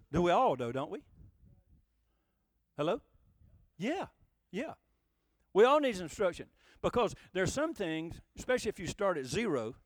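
A man's voice: high voice, no echo. A male pastor preaching a conversational, folksy sermon, asking the congregation rhetorical questions. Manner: folksy, emphatic.

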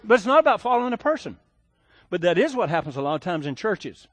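A man's voice: high-pitched, big pitch swings, fast talker, a bit bright, dry recording. A man preaching a sermon in a conversational way, with folksy asides and often repeating his words. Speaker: pastor.

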